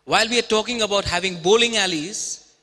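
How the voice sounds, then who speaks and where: A man's voice: high-pitched, a little fast, bright, forceful tone. A man giving an emphatic talk on stage, firing rhetorical questions at the audience. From India. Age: 30s. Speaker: speaker. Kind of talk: TEDx talk. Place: auditorium stage. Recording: reverberant auditorium.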